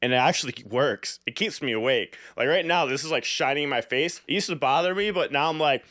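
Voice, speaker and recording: A man's voice: fairly high pitch, quick pace, bright, forceful tone, no room sound. A man hosting a casual livestream interview from his home studio, laughing often and rambling playfully. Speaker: podcast host. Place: home studio under bright lights.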